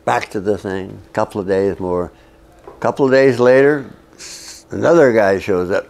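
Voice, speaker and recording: An older man, a veteran interviewee, telling a personal story in a wry, frank way with halting restarts. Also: on the low side, expressive, gravelly, darkish tone.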